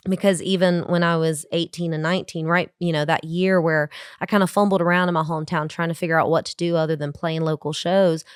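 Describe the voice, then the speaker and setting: A woman from Georgia, a country singer telling stories as a guest in a casual podcast interview, chatty and animated, with lots of fillers. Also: sits low, fairly quick, hardly any pauses, smooth, no echo, studio quality. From Georgia, USA. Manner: chatty, animated anecdotes with acted quotes and fillers. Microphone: remote call from Nashville.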